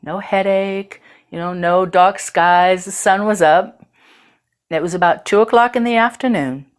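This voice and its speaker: A woman's voice: mid-range voice, measured pace. A woman host telling a personal story in a candid, earthy way, with casual swearing.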